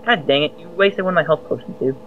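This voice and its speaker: A man directing a teammate during a survival game, barking quick orders in casual chat. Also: fairly high pitch, narrow, tinny audio, a crowd in the background. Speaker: gamer on a team.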